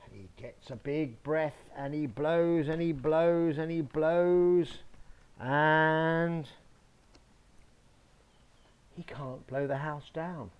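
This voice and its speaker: A man reading a picture book aloud to children, slow and expressive, adding sound effects. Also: fairly high pitch, dull audio. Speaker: storyteller.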